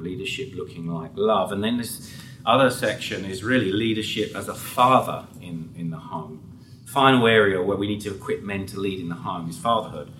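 Lower-voiced man preaching in a hall. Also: bright, forceful tone, a little hiss or hum. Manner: earnest, conversational preaching with frequent restarts. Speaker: pastor. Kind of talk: sermon. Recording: roomy hall, voice from a distance.

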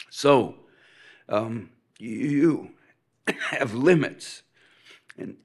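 Slow-talking man with a cough. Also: mid-range voice, slightly rough. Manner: halting, with many fillers and restarts. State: coughing often, hoarse throat. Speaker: preacher teaching a seminary class. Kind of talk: sermon-style lecture.

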